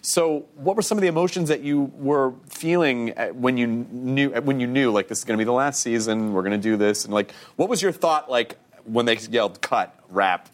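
A man's voice: medium pitch, expressive, a little fast, hardly any pauses. A man interviewing an actor in casual chat, joking around and rambling through his questions with restarts.

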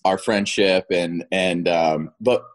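A man's voice: low voice, steady tone, slow. A man in his thirties, an actor guest in a casual interview, rambling and repeating words as he talks, often laughing.

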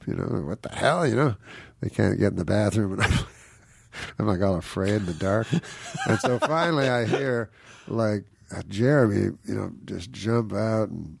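Middle-aged male comedian, low raspy voice, dry close sound, spins self-mocking tales and acts out the other people in them. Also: darkish tone, no echo. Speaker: guest comedian. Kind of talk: casual storytelling anecdote.

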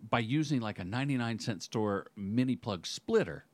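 A man's voice: medium pitch, expressive, moderate pace, no echo. Chatty male guest explaining gear. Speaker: podcast guest. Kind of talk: casual chat.

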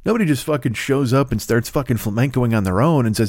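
A middle-aged man rants profanely as a comedy podcast host, exasperated and scoffing. His voice sits at an ordinary male pitch. The recording is dry and close. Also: sing-song, fast talker, hardly any pauses, a little mellow, no echo.

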